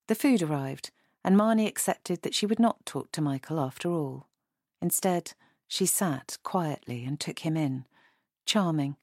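A woman reading a novel aloud in a measured, even way. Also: on the low side, no room sound, studio quality. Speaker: audiobook reader. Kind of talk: scripted narration.

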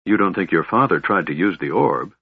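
A man voicing a steady, calm male leader in a fantasy tale. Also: low voice, brisk, slightly rough, narrow, tinny audio, exaggerated voice.

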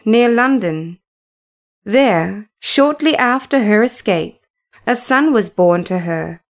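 A woman with a slightly high voice narrates a classic novel aloud, telling the story in an unhurried, measured way.

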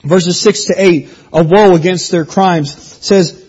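A man's voice: high voice, fairly even intonation, measured pace, a little mellow, breathy edge. Man, pastor, sermon, earnest teaching, slightly muffled recording. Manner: earnest teaching, reads scripture aloud, restarts phrases. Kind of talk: expository sermon.

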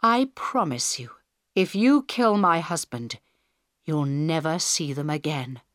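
A woman narrator voices a tense female prime minister issuing orders during a crisis, loud and urgent with a firm, commanding edge. Her deep, animated delivery is unhurried and deliberate, recorded in studio quality with no room sound.

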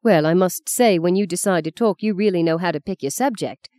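A woman's voice: on the low side, fairly quick, mellow, close to an everyday voice. A woman reading the part of a young mother who answers defensively, strained and guarded.

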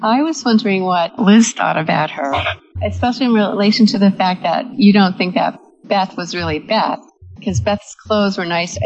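A woman's voice: fairly low pitch, a little hiss or hum. A woman in a casual chat, thoughtful and rambling with restarts. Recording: dull lo-fi sound.

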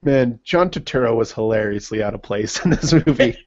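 A man's voice: medium pitch, expressive, a little fast, a little mellow, no room sound, dull audio. A man co-hosting a movie podcast in casual chat, dry and joking. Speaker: podcast co-host.

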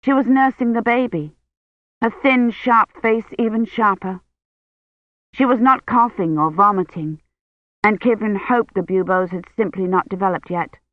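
A woman reading a novel aloud as narrator in a calm, measured way. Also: medium pitch, no echo. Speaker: audiobook narrator. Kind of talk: scripted narration. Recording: tinny phone-like line.

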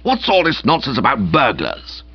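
A man's voice: medium pitch, wildly swooping pitch, moderate pace, husky, full character voice. A man doing an irate flustered old uncle. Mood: indignant. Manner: indignant, snapping. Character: irritable older uncle, easily flustered. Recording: dull, slightly muffled.

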